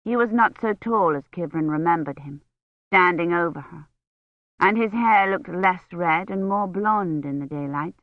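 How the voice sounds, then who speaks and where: A woman reading a novel aloud as narrator, in a measured, even way. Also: lowish voice, dry recording. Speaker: audiobook narrator. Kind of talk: scripted narration. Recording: dull, dry audiobook recording.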